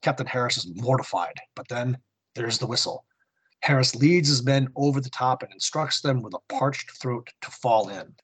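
A man's voice: mid-range voice, normal speed, slightly rough, low-quality recording. A man hosting a podcast, reading a war comic with theatrical narration and then giving a history segment. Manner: theatrical narration in second person. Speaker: podcast host.

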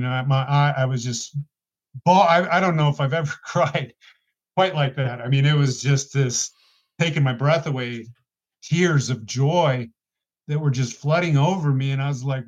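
A man sharing a personal testimony as a podcast guest, talking casually and earnestly with halting restarts. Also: medium pitch, a little mellow. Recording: dull lo-fi podcast audio.

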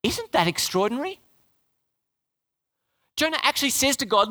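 Joking, animated preacher, male, high-pitched, echoing church hall. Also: normal speed, long pauses. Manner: animated, joking, asks the crowd questions. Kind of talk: sermon.

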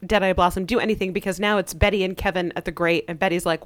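A woman's voice: on the low side, fairly even intonation, fast. A woman co-hosting a podcast, casually recapping episode plots and briefly acting out the characters' quotes. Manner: narrates plot, acts out quotes.

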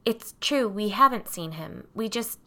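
A serious young girl, read by a woman narrator, speaks in a hushed, earnest way. Her words come slowly and carefully. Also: mid-range voice, animated.

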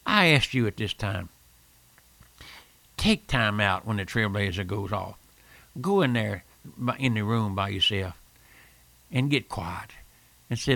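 A man's voice: medium pitch, expressive, measured pace, creaky, pauses often, pushed and bright, no echo. An older man preaching a fervent radio sermon, repeating phrases and calling the listener "my friend".

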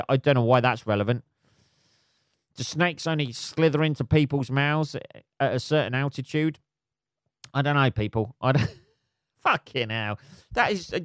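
A man's voice: medium pitch, no echo, clean studio sound. A man hosting a solo podcast, rambling, swearing and laughing at his own jokes. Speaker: podcast host.

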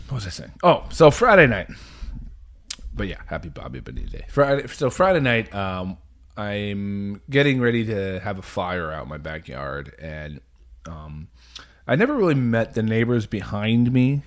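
A man in casual chat, telling a story with lots of laughter and quick shifts. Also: on the low side, big pitch swings.

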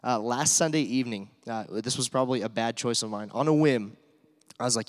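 A man's voice: medium pitch, fairly quick. Conversational male pastor in a reverberant hall. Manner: conversational, filler-heavy preaching with scripture readings. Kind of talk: sermon.

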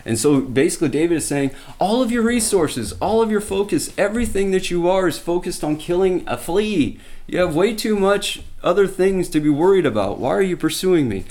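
A man's voice: high-pitched, lively intonation, brisk, a little mellow. A man teaching a Bible study, retelling scripture stories in plain everyday words with restarts and asides.

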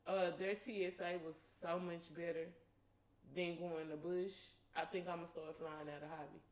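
A young adult woman co-hosting a podcast, blunt, profane and excitable in casual chat. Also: lowish voice, normal speed, low-quality recording. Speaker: podcast co-host.

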